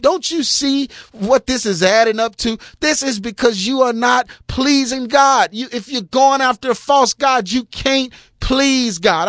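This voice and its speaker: A man's voice: high-pitched, a bit bright, no echo, clean studio sound. A man preaching a sermon in a colloquial, emphatic and scolding way.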